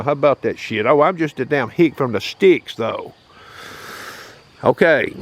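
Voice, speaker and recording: A man, from Tennessee, casually demonstrating gear outdoors in a folksy, drawling way, often checking in with his listeners. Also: a little high. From Tennessee, USA. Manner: folksy, drawling, keeps checking in with "okay?" and "you hear that?". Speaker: metal detecting channel host. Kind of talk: casual outdoor equipment demo.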